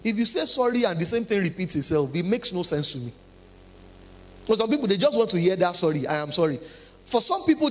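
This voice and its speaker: Animated pastor preaching. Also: male voice, high-pitched. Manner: animated preaching with humor and acted-out quotes. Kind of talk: sermon.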